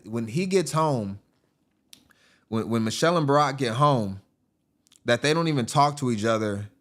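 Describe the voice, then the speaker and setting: A man hosting a show, giving casual, joking commentary over video clips in an animated way and often laughing. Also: medium pitch. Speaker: host.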